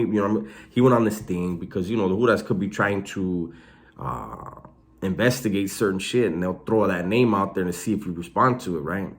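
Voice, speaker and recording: A man casually telling stories about prison life in a slangy, animated way, swearing freely. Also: sits low, normal speed. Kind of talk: casual storytelling.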